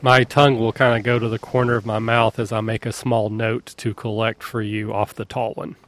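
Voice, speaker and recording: A man's voice: fairly low pitch, a little fast, slight background noise. Male player, casual, easygoing, uh-filled delivery. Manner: relaxed, with fillers. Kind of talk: casual tabletop game play.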